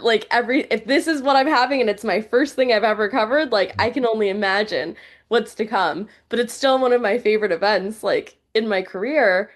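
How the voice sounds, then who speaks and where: A woman's voice: a little high, brisk. Brief: young woman guest, open and chatty, conversational podcast delivery. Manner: chatty, heartfelt, many fillers like "like". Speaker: journalist and news reporter guest.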